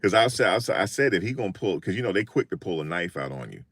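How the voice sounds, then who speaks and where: An older man telling funny stories in a casual, animated monologue, often repeating himself. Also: low voice, quick pace, no echo, studio quality. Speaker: vlogger.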